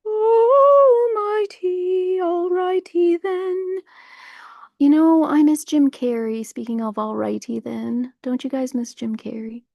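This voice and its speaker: Woman rambling on a livestream outside, gravelly voice, dry close sound, tons of likes and you-knows. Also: mid-range voice, no room sound. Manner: rambling, animated, full of fillers. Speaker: livestream host. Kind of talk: rambling casual chat to viewers. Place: outdoors.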